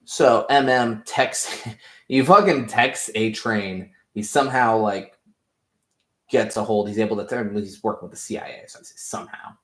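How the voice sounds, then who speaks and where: A man's voice: on the low side, unhurried, a bit bright, reverberant. A man casually recapping TV episodes as a review host, rambling and swearing freely with lots of "like" fillers. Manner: rambling, profane, heavy on "like" fillers.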